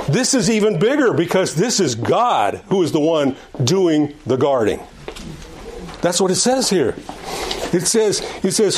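A man's voice: a little high, very animated, unhurried, a little mellow, a little hiss or hum. Older man teaching a Bible class. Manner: conversational, repeats phrases and restarts. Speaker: Sunday school teacher. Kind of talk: Bible lesson. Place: church classroom.

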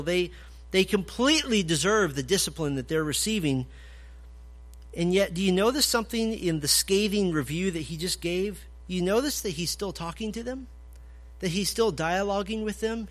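A man preaching an expository sermon, emphatic, swinging from loud declarations to low, quiet points. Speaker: pastor.

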